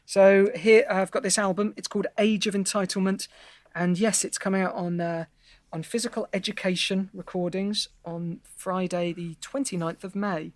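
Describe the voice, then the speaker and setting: A man's voice: sits high, flat delivery, normal speed, dry recording. Dry, wry musician guest, a man. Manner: wry, self-deprecating joking. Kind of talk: casual chat.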